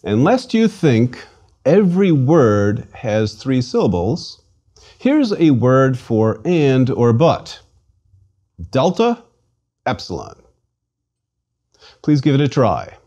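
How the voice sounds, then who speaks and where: A man's voice: mid-range voice, very animated, warm tone, highs cut off. A man giving a scripted language lesson, patiently spelling out letters and sounding out syllables for listeners to repeat. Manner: slow, patient, enunciates each letter and syllable. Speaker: language instructor.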